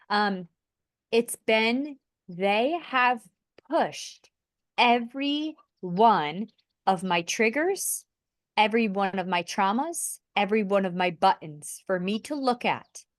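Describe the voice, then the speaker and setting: A woman on a podcast, speaking earnestly and from the heart about spiritual growth, often pausing to restart her thoughts. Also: medium pitch, no echo, clean studio sound. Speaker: podcast host. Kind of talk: conversational podcast sharing.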